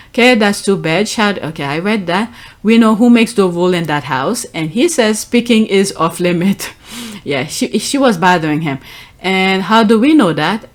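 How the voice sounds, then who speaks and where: Chatty middle-aged woman commentator. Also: mid-range voice. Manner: chatty, laughing, frequent "okay?" asides. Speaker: commentary channel host. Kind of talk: casual commentary reading comments.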